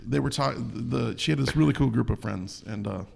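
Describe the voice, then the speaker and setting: A man from Minnesota, a guest musician, telling animated stories in casual podcast chat and swearing freely. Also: mid-range voice, a little fast. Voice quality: gravelly, husky.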